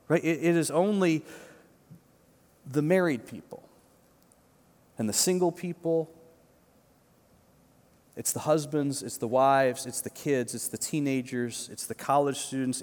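Man, pastor, sermon, slightly high voice, emphatic, conversational, long hall reverb. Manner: conversational, emphatic, frequent "right?" asides and repeated words.

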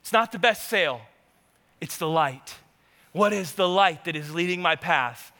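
A man as pastor, preaching a sermon with animated, conversational storytelling and asking the congregation to answer him. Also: a little high, unhurried. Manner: animated, conversational, engages the audience. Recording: long hall reverb.

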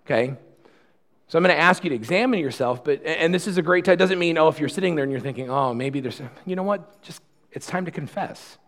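Earnest conversational male pastor. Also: on the high side. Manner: earnest, conversational, many restarts. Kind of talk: sermon.

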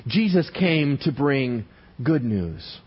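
A man preaching a sermon as pastor, animated and quizzing the congregation with questions. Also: medium pitch, takes it slowly, breathy edge, muffled recording.

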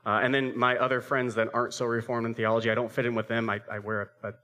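A man's voice: mid-range voice, flat delivery, quick pace, bright, forceful tone. A man in his thirties preaching a sermon as pastor, telling a family story with acted-out voices and asking the congregation rhetorical questions.

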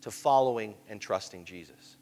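A man preaching a sermon, telling the story animatedly and moving between hushed asides and emphatic stretches. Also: lowish voice, moderate pace, in a large hall.

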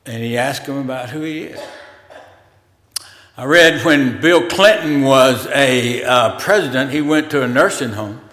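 A man preaching a sermon as pastor, in a slow, conversational way with pauses and fillers, in a church sanctuary. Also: mid-range voice, a bit bright. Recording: roomy hall reverb.

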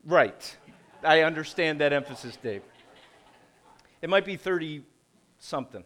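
A middle-aged man preaching a conversational sermon, posing rhetorical questions and pausing deliberately. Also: fairly high pitch, expressive, a bit bright. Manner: slow, deliberate delivery with pauses. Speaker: pastor.

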